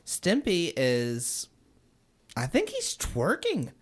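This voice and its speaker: Woman, low pitch, very lively intonation, podcast co-host, casual chat, expressive. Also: drawn-out words. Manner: expressive, swings into voices for quotes.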